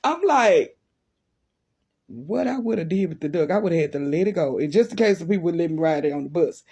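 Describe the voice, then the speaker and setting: A woman with a husky, breathy voice telling a funny childhood story. She talks casually and animatedly, laughing along and acting out the sounds. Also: on the low side, lively intonation, brisk, warm tone.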